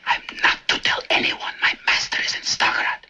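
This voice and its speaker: A man playing an excitable old male Russian servant in a film, with a Russian accent, crying out with joy and whispering secrets. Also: on the high side, slow pace, creaky, slightly rough, exaggerated voice. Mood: secretive whisper. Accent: Russian, put on. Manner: wildly swooping, cries out with joy, whispers secrets.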